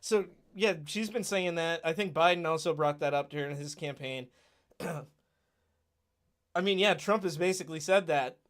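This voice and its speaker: Brief: slightly high male podcast co-host, conversational, reads quotes aloud. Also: a little slow, fairly bright tone. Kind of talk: casual political podcast chat.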